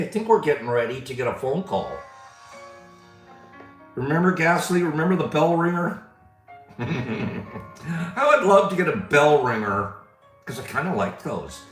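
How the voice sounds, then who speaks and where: A man's voice: medium pitch, fairly bright tone, reverberant, low-quality recording. A man hosting a live show who talks casually about recovery and laughs easily. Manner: laughs often, easily cracks up. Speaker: livestream host.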